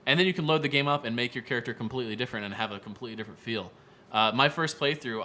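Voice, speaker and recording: A man's voice: mid-range voice, pushed and bright, a little hiss or hum. A man co-hosting a casual podcast chat, talking eagerly and leaning on filler words. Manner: enthusiastic, many "like" fillers. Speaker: podcast co-host.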